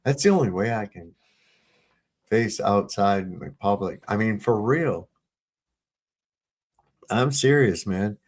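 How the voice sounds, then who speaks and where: A man on a video-call livestream, telling stories with lots of swearing and laughter, getting loud when he retells arguments. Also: fairly low pitch, lively intonation, slow, pauses often. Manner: profane, storytelling, laughs often, gets heated retelling run-ins. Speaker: panel co-host. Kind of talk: casual livestream chat.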